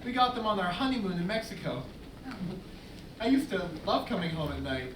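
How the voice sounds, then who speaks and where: Whiny, weepy divorcé played by a man, high and swooping, echoing stage. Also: very animated, brisk. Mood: wistful. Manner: whiny, emotional. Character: weepy, fussy divorced man, middle-aged. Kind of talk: live stage acting. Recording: echoey stage, distant mic, noisy audience.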